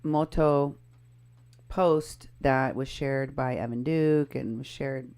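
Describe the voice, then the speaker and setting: Very low-voiced woman, pointed critic. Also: steady tone, slow pace, a little mellow. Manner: pointed and critical, walking through posts and photos. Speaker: co-host. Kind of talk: casual political commentary.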